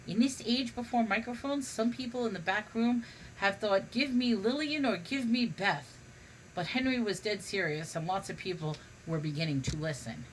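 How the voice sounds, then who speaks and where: Woman, reads a humorous history book aloud, mid-pitched voice, stumbles on words now and then, faint hiss behind. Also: low-quality recording. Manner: stumbles and restarts on words while reading. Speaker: reader.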